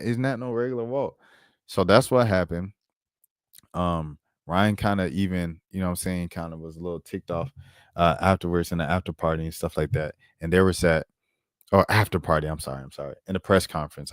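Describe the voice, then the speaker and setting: A deep male voice comes through at studio quality with no room sound. He hosts a casual basketball commentary stream in a laid-back, slangy way, saying "bro" and "dog" frequently and pulling up clips while talking.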